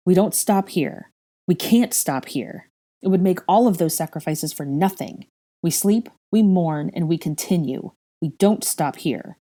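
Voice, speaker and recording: A fierce young wizard who speaks slowly and emphatically. A woman reading a fan story voices him in a low, warm register. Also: lightly acted. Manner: intense, forceful, slow and emphatic.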